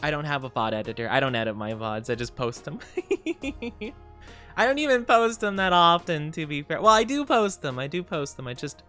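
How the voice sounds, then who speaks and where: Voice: mid-range voice, expressive, normal speed, fairly bright tone, faint music behind. A VTuber streamer in a casual, playful livestream chat, greeting viewers and rambling with giggles and fillers.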